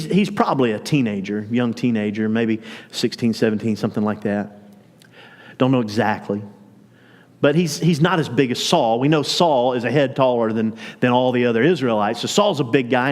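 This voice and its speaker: A man preaching a sermon as pastor, retelling a story in a relaxed, conversational way and acting out the quotes. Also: mid-range voice, in a large hall. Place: church.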